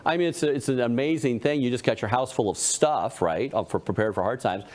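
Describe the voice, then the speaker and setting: A man's voice: medium pitch, fairly quick, a little mellow. A man co-hosting a panel talk, telling a folksy joke and acting out its characters. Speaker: co-host. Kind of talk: casual panel talk with storytelling.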